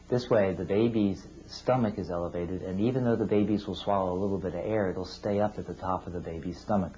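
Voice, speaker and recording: A man's voice: on the low side, warm tone, a little hiss or hum. A man who works as a clinician, teaching parents step by step in a patient, plain-spoken way. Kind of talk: instructional talk to parents. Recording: dull lo-fi video sound.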